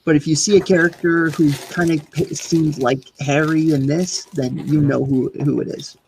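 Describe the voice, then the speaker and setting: A man's voice: a little high, steady tone, normal speed, vocal fry, darkish tone, a little hiss or hum, low-quality recording. A man in casual chat, talking in a rambling, thoughtful way about the film and shows he likes. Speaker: watch party co-host.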